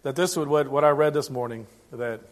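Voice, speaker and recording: A middle-aged pastor preaches a sermon conversationally, with a medium-pitched voice and a fairly quick pace. He restarts often and his loudness swings up and down.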